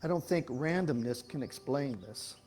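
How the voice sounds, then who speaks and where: A man's voice: medium pitch, animated, normal speed, a little mellow, soft background music. A man giving an informal, folksy sermon at a church, talking in a rambling way with frequent restarts. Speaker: speaker giving a talk at a church.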